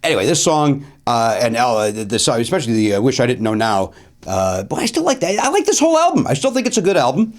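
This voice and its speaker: A man's voice: medium pitch, sing-song, fast. A middle-aged man hosting a comedic solo podcast from a studio, talking in a wry, self-deprecating way with rambling asides. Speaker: podcast host.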